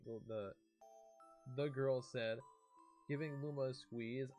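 A man's voice: medium pitch, fairly even intonation, takes it slowly, pauses often, a little mellow, soft background music. A young man streaming a game, reading a storybook aloud and often breaking off to chat and react.

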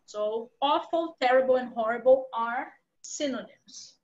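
High-voiced Brazilian woman teaching English. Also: unhurried, lo-fi sound. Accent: Brazilian Portuguese. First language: Portuguese. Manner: patient explaining with examples and synonyms. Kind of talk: live online class teaching.

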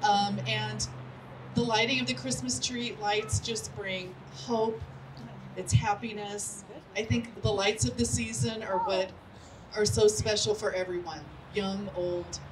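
A woman gives short, heartfelt remarks on behalf of an official at a community ceremony, sounding a little emotional. Her voice comes from a distance. Steady outdoor noise sits behind her. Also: medium pitch, unhurried. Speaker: representative of a county supervisor.

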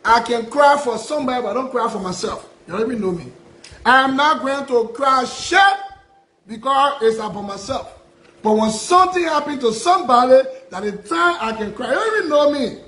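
Aggrieved Liberian man, high voice. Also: lively intonation, fairly quick, a bit bright, roomy sound, rough recording. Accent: Liberian English. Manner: repetitive, aggrieved, rhetorical questions. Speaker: prophet. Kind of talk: impassioned public address.

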